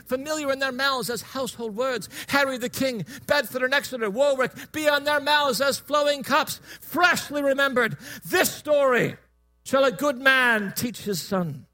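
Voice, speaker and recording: A man reciting Shakespeare as a warrior king rallying his troops, declamatory and building to shouts. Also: very high-pitched. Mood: stirring. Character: rousing warrior king, English, addressing troops.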